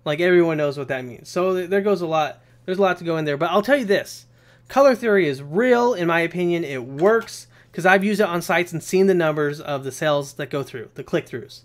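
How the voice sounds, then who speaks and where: A young man hosting a live Q&A stream talks in a loose, rambling way. His voice sits somewhat high for a man. He sounds energetic and swears casually as he goes. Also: a little fast.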